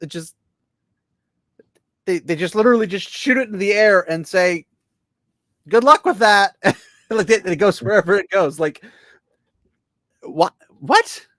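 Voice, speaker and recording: A man co-hosting a casual trailer reaction, sarcastic and animated, laughing often. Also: sits high, moderate pace, pauses often, dry recording.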